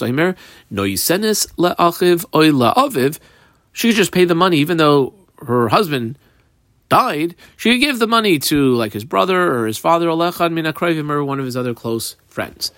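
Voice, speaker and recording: A man teaching a daily Talmud class reads Aramaic phrases and explains them in casual English, mixing Hebrew-Aramaic terms into his explanation. His voice is a little high and animated, at a moderate pace, with no room sound.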